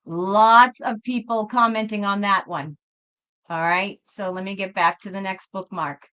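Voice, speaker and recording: A woman's voice: medium pitch, steady tone, measured pace, bright, forceful tone, clean tone, lo-fi sound. A woman hosting a tarot reading livestream, talking casually and reassuringly to her viewers, whom she calls folks. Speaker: tarot reader and livestream host.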